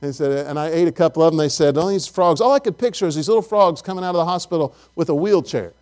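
A man's voice: on the high side, fast talker. A middle-aged man preaching a sermon and telling folksy family stories. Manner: storytelling, folksy and animated. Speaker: pastor.

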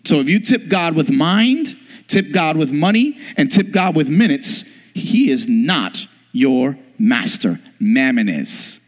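A man's voice: fairly high pitch, very animated, slow pace. A man preaching a sermon as pastor, emphatic, with frequent rhetorical questions to the congregation. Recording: long hall reverb.

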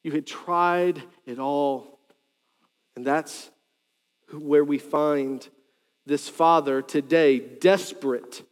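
A male pastor preaching a sermon, animated, with joking asides and sudden loud quoted lines. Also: on the high side, very slow, pauses often, big-room sound.

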